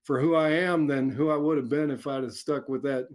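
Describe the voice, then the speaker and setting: A middle-aged man, an author answering interview questions in a relaxed way, chuckling often and restarting his sentences as he rambles. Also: a little high, fairly quick. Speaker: author guest. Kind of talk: casual interview chat.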